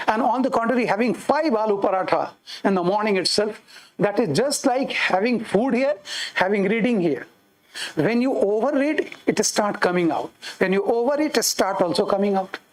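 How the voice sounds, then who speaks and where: A middle-aged Indian man lectures exam aspirants with an Indian English accent. He talks in an animated way, acts out candidates and parents, and slips Hindi phrases into his English. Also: high voice, moderate pace, poor audio. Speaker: coaching teacher.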